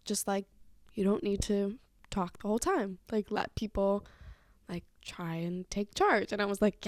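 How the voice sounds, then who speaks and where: A woman's voice: mid-range voice, normal speed, no echo. A young woman telling a dating story in a chatty, giggly way, swearing often. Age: young adult. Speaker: vlogger. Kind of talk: casual storytelling.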